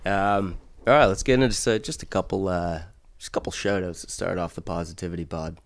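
A man's voice: sits low, fairly even intonation, a little fast, slight background noise. A man co-hosting a casual podcast, asking short, teasing questions and chiming in briefly. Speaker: podcast co-host.

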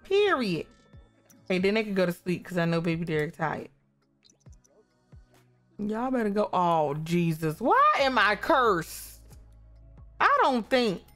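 A woman's voice: medium pitch, unhurried, long pauses, faint music behind. A woman casually commenting on her life-simulation game, talking to the characters and exclaiming at what they do. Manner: animated, exclaiming, talks to the characters. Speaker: gaming YouTuber.

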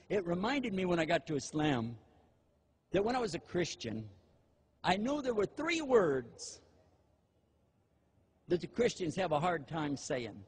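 Animated older man preaching with mimicry. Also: measured pace, pauses often, slight background noise. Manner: animated, mimics eager voices in high pitch. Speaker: Muslim preacher. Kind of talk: lecture with acted-out asides.

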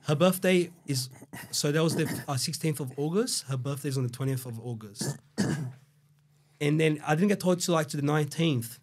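This podcast guest, born in Brazil and brought up in Australia, has an Australian accent and a voice on the high side at a moderate pace. In a casual storytelling interview he rambles loosely, swearing plenty and using lots of fillers.

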